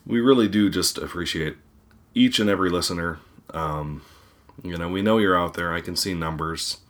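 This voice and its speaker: Male podcast host with a sick, congested voice, very low-pitched, earnest and rambling. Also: moderate pace, fairly bright tone. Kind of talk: casual podcast sign-off.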